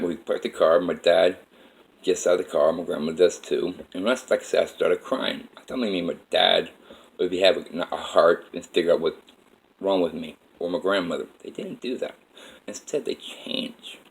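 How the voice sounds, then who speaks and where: A man's voice: deep voice, gravelly, rough recording. A man telling a personal story in a rambling, repetitive way with many "like" fillers.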